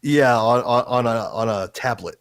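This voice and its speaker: A man's voice: medium pitch, moderate pace, no room sound. A man co-hosting a stream, telling crude stories casually. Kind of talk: casual chat.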